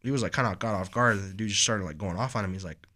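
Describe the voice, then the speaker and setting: Telling stories in a loose, rambling way, a young podcast co-host keeps saying "like" and addressing his friend as "bro" in casual chat. The voice is fairly low, fast, pushed and bright.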